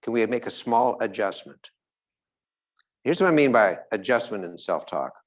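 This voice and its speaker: A man speaking live to an audience as a motivational speaker, animated and chuckling as he acts out everyday characters. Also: on the low side, normal speed. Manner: animated, acts out little characters, laughs often.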